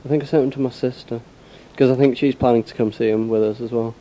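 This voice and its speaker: Eager young English guy, mellow voice. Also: medium pitch, fairly even intonation, quick pace, rough recording. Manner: eager, enthusiastic. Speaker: podcast co-host. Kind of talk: casual chat.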